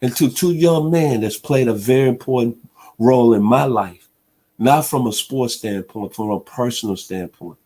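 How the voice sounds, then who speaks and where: Man, 60s, sports radio host, emphatic heartfelt delivery, mid-pitched voice. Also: normal speed. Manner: emphatic, preacher-like delivery with heartfelt shout-outs. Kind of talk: sports talk radio monologue.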